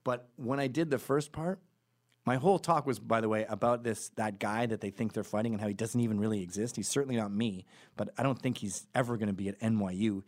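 Speaking quickly in a lowish voice, this man hosts a podcast and spins a lengthy, relaxed story. Along the way he takes detours, fixes his own wording, and performs the voices of the other characters.

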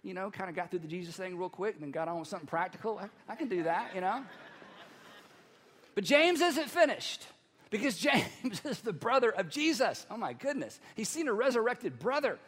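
A male pastor preaching a sermon in a conversational, animated way, with playful asides. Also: high voice, quick pace, hardly any pauses, breathy edge, long reverb tail.

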